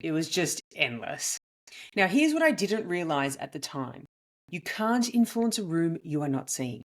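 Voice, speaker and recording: A woman, a comedian and podcast host, telling a story in an animated, emphatic monologue with big swings in her voice. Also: low-pitched, unhurried.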